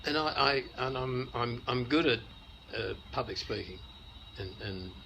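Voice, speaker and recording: An older Australian man in an interview, telling stories in a relaxed, anecdotal way. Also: medium pitch, measured pace, vocal fry, slight background noise, rough recording. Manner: anecdotal, many restarts and chuckles. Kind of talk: casual storytelling.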